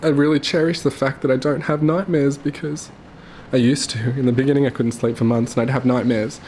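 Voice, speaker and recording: A young man telling his late mother's story to camera, tearful and halting, with his voice breaking. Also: medium pitch, fairly even intonation, darkish tone, slight background noise. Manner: halting, full of fillers and restarts.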